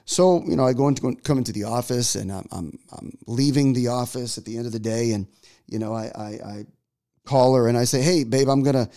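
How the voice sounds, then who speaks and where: A man's voice: mid-range voice, brisk, warm tone. A man in his forties, a pastor telling a story in a sermon, chatty and full of restarts. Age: 40s.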